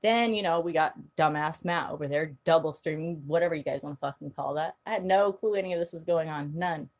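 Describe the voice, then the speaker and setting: Woman, lowish voice, angry stream rant, blunt, heavy cursing. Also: brisk. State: angry, agitated. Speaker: channel host.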